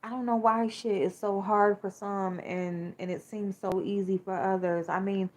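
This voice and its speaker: A woman's voice: mid-range voice, level tone, moderate pace, a little mellow. A woman, hosting a podcast and talking candidly and emotionally, with plenty of swearing and fillers. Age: 40s. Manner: frank, profane, emotional, many fillers. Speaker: podcast host. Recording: slightly dull lo-fi sound.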